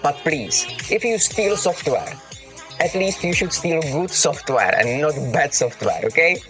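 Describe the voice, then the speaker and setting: A man with a fairly high, sing-song voice and a non-native English accent unhurriedly answers chat questions during a casual livestream Q&A. Emphatic and teasing, he calls viewers darling and keeps saying "okay? got it?" over faint background music.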